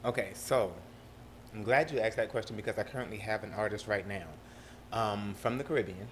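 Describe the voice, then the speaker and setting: A young man with a South Carolina accent, a producer talking as an interview guest in a lively, laughing way. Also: on the low side, brisk, slight background noise. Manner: animated, laughing storyteller. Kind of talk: casual interview talk.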